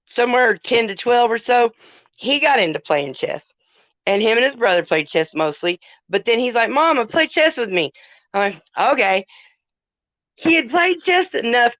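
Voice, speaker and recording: Bright-toned sarcastic middle-aged woman. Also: medium pitch, no echo. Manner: sarcastic, swearing, laughs while telling stories. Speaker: podcast host. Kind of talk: casual chat.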